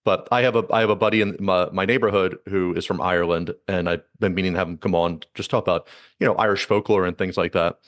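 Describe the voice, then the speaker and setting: Male podcast host, quick rambling delivery, low-pitched, dry booth sound. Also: steady tone, no echo. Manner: fast, rambling, with frequent restarts and fillers. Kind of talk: casual conversational chat.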